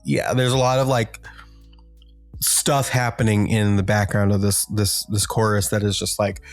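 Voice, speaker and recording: A man with a fairly low voice talks loosely about songs, full of "like" and "you know," now and then singing a line. Faint music plays underneath the conversation. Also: little pitch movement, normal speed, no room sound. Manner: rambling, many fillers, breaks into sung lyrics. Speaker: podcast co-host. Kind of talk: casual music discussion.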